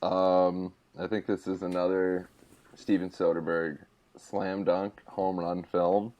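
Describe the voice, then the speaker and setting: Man, podcast guest, low voice, excitable banter. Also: slow, muffled recording. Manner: excitable, jumps high when joking. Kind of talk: casual podcast chat.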